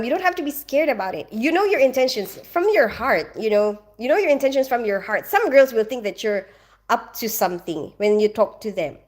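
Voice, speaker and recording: Chatty woman livestreaming, slightly high voice. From Philippines. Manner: chatty, many fillers like "you know" and "like"; reassuring, advice-giving. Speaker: livestream host. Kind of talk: casual livestream chat with viewers.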